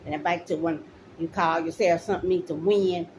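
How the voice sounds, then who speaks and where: A woman's voice: fairly low pitch, fairly even intonation, moderate pace, background noise. A middle-aged woman, a mother, ranting straight to the camera, accusing officials directly and repeating her points. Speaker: mother speaking out. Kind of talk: angry direct-to-camera rant.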